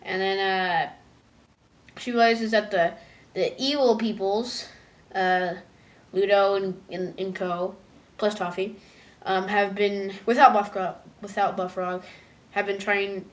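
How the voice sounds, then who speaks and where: A woman's voice: steady tone, slow. Rambling young-sounding woman recapping a cartoon. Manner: rambling, many "like"s and stumbling restarts; jumps into high, loud voices for characters. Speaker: episode reviewer. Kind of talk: casual episode recap.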